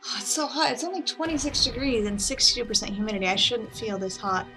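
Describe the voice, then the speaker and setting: A woman's voice: a little high, animated, quick pace. A woman chatting casually with rambling asides while playing a video game at home. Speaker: let's player. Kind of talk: casual gameplay commentary. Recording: game music behind voice.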